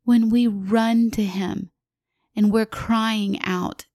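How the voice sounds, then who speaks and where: A woman's voice: a little high, steady tone, takes it slowly, a little mellow, dry recording, clean studio sound. A woman in her forties gives heartfelt faith teaching as a podcast guest, earnest and intimate, asking the listener questions and sometimes dropping to a whisper. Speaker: guest speaker on a Christian parenting podcast.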